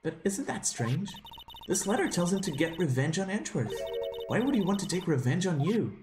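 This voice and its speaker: A man voicing an excitable young woman assistant in a game, with urgent, breathless exclamations. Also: sits high, normal speed, voice pushed up. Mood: puzzled. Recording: roomy, with game music behind.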